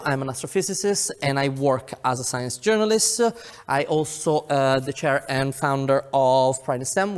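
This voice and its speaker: A man delivers a public science talk at a mid-range pitch, pausing often on "uh" as he gathers his thoughts. His voice rings out with the long reverb of a lecture hall. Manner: halting, peppered with "uh" fillers. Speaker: guest speaker, astrophysicist. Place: lecture venue, indoors.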